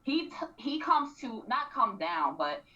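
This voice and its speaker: A woman co-hosting a radio show, animatedly recapping a reality series and acting out quotes with frequent throat clearing. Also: fairly high pitch, sing-song, unhurried, sharp tone. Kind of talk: casual recap chat. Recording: distant, dull lo-fi radio mic.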